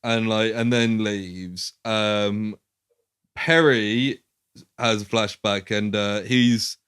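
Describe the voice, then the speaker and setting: A man's voice: on the low side, steady tone, drawn-out words, fairly bright tone, clear, resonant tone, no echo, clean studio sound. A man co-hosting a podcast, easygoing as he recaps film scenes with lots of fillers. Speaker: podcast co-host. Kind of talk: casual film discussion.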